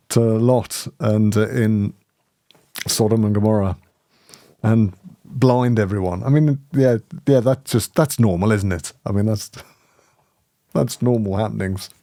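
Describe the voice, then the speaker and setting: A man hosting a spiritual community, telling a personal story in lively conversation, often laughing and restarting his sentences. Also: on the low side, no echo, studio quality.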